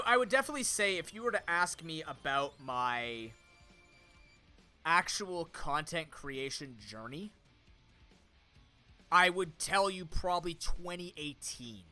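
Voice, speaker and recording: A young man talks on a live stream in a bright, rather high voice, with a sore throat. He rambles off the cuff with fillers and restarts, and faint music plays behind him. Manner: talks to chat and friends off-mic. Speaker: streamer and content creator. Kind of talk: casual live-stream chat.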